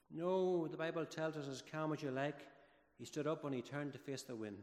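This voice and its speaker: A man giving a children's talk during a church service, telling the story with lively, dramatic build-ups. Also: a little high, brisk. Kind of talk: children's sermon. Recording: echoey church hall with long reverb.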